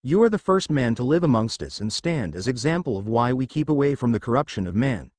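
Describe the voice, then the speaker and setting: A man's voice: medium pitch, big pitch swings, a little fast, darkish tone, dry recording, clean studio sound. A man reading as a stern warrior queen. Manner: formal, pronouncing judgment. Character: stern commanding warrior queen, older woman.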